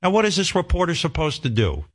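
A man's voice: fairly high pitch, wildly swooping pitch, fast. A middle-aged man hosting a radio talk show, ranting with profanity and indignation.

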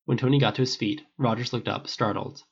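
A man narrating fan fiction aloud in a steady, measured way. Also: medium pitch, gravelly, husky, highs cut off. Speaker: audiobook reader.

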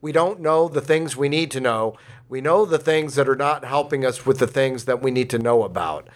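A man's voice: medium pitch, normal speed. A man hosting a conversation, making assertive, explanatory points. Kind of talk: conversational commentary.

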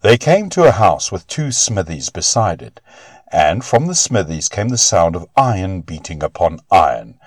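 A man with a low voice reads a storybook tale, his pitch rising and falling with expression. The recording is close and dry, with no room sound. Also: dry recording. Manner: expressive, measured reading. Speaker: narrator. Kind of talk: storybook narration.

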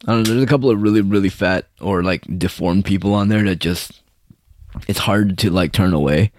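A man's voice: low voice, a little fast, a little mellow, no room sound. A young man from the United States delivering a rambling, profane, mocking monologue in casual chat.

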